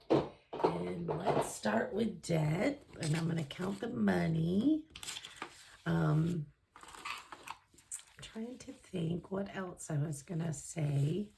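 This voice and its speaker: A woman's voice: on the low side, background noise. A woman budgeting vlogger chatting casually to camera, gushing and emotional, with a lot of fillers. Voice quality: gravelly, creaky voice.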